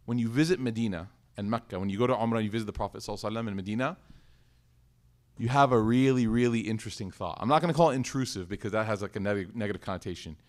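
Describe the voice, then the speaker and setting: A man teaching a sermon in a conversational, animated way, telling a personal story and asking rhetorical questions. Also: lowish voice, very fast. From United States. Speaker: Islamic teacher.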